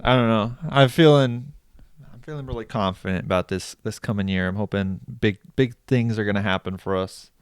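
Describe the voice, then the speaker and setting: Young guy rambling on a podcast, kinda low voice, clean and smooth, laughs a lot. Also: a little fast, no echo, clean studio sound. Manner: rambling, laughs often, acts out his own quotes in a high voice. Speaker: podcast co-host. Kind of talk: casual chat.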